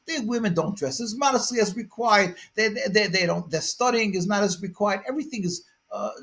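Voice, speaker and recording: Earnest high-pitched rabbi speaking out. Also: male voice, brisk, creaky. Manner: earnest, repeats words while searching for them; rises to forceful emphasis. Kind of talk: interview answers.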